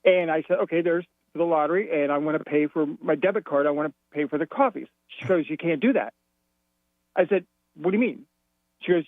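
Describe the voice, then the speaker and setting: Man, radio caller, high voice, dry phone line, animated storyteller. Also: brisk, no room sound. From Florida. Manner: animated storyteller acting out both sides of a quarrel. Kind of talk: telling a story on a radio call-in.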